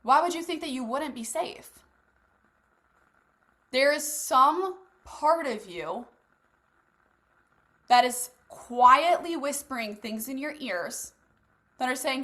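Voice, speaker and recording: A young woman leads a motivational group session in a high, bright voice. She talks casually and bluntly, drops swear words without fuss and speaks straight to her listeners like friends. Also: expressive, takes it slowly, long pauses. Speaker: host leading a live masterclass. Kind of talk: motivational coaching talk.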